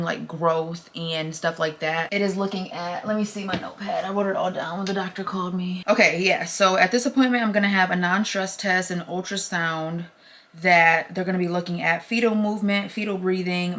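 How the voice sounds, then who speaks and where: A woman's voice: fairly low pitch, fairly bright tone. A young woman from the United States, tired and close to tears, chatting casually to camera in a vlog and filling her talk with "like" and "y'all". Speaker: vlogger.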